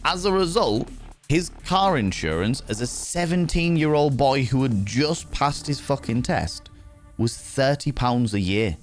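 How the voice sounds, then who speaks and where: A man's voice: mid-range voice, expressive, unhurried, soft background music. A British man hosting a livestream, telling stories animatedly, swearing freely and teasing his chat. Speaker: livestream host. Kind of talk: casual chat with viewers.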